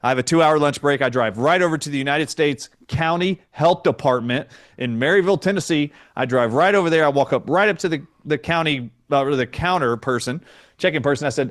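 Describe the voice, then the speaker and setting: A man's voice: on the high side, quick pace. A man who is a doctor and a guest on an interview show, telling a story emphatically and acting out the dialogue. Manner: animated, emphatic, acts out dialogue.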